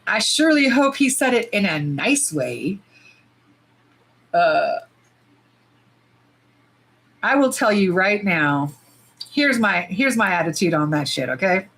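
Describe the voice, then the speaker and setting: A middle-aged woman hosting a casual livestream. She talks bluntly with plenty of swearing and sometimes breaks into loud squeals. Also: mid-range voice, takes it slowly, pauses often, slightly rough, rough recording. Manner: blunt, profane and animated, jumping to loud squeals. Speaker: nail polish livestream host. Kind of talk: casual livestream chat while swatching.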